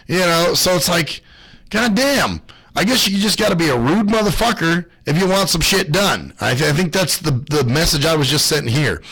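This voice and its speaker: A man's voice: normal speed, gravelly, breathy edge, rough recording. A man hosting his own radio show, talking in a loose, rambling monologue full of swearing and gripes. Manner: profane, ranting, lively swings in pitch.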